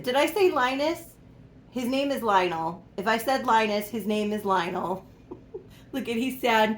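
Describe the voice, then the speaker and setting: Giggly and affectionate, a young woman talks through her doll collection on camera in a room at home, frequently cooing sweetly at the dolls. She speaks at normal speed with an expressive, medium-pitched voice, and the echoey recording carries faint background noise.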